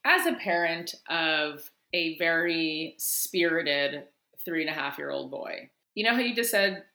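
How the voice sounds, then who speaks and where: Woman podcast guest, bright, lively pitch, roomy echo on the line. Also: a little slow. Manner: lively, expressive, laughs often. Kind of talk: casual chat.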